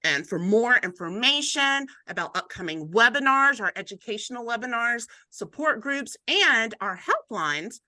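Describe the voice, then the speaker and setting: Bright upbeat Southern woman hosting. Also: a little high, animated, moderate pace, few pauses, no room sound, poor audio. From Atlanta, Georgia. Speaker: host. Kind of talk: casual webinar hosting.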